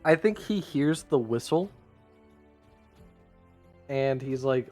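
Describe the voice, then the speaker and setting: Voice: medium pitch, expressive, takes it slowly, a little mellow, faint music behind. A player in a tabletop game, giggly and hesitant. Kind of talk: casual tabletop play.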